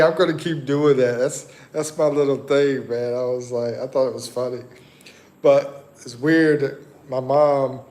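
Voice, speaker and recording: A man with a mid-range, slightly mellow voice hosts a casual livestream. He chats with viewers, reads their comments, and thinks aloud in a rambling way.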